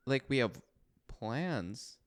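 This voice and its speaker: A young adult man co-hosting a podcast in casual chat, relaxed and joking, with rambling sentences. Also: medium pitch, drawn-out words. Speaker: podcast co-host.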